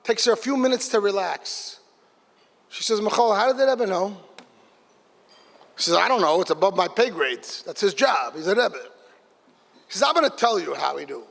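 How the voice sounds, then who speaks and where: A man telling an animated story at a religious gathering, acting out the dialogue of the people in it. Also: sits high, normal speed, vocal fry, pauses often. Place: large hall. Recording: live hall with long reverb.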